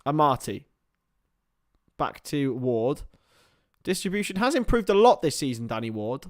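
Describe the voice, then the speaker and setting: A young man with a medium-pitched, unhurried voice hosts a live watchalong, calling the match play by play and chatting with viewers. His commentary is excitable, then drops into mumbled asides full of fillers. The recording is dry and studio quality.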